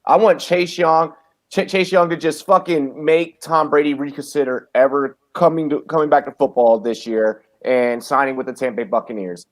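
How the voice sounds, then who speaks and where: Casting: fired-up football fan, slightly high voice, swears freely. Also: male voice, normal speed. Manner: profane, excitable, laughs a lot. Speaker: podcast co-host. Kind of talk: casual sports chat.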